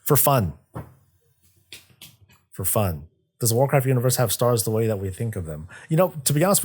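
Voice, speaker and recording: A man's voice: lowish voice, slightly rough. Rambling, profane young man on a stream. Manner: rambling, profane, jokey, acts out characters in quick asides. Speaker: streamer discussing game lore. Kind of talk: casual livestream chat.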